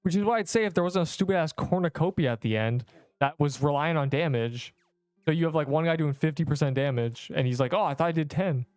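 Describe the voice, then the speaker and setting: A man's voice: on the high side, a little fast, darkish tone, clean tone, dry recording, soft background music. A man rambling casually through gameplay commentary on a livestream, slangy and loose, tossing in "bro" and casual swearing. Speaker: streamer.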